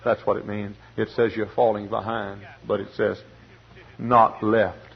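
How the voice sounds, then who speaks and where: A man in his forties preaching a sermon dramatically, swinging between loud bursts and hushed words. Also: on the low side, level tone, measured pace, vocal fry, breathy edge. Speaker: pastor. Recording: muffled archival radio recording.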